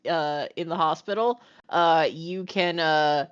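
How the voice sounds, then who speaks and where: A woman chatting during an online tabletop game, giggly and hesitant, with many pauses and fillers. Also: deep voice, highs cut off, slight background noise. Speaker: player. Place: online voice chat.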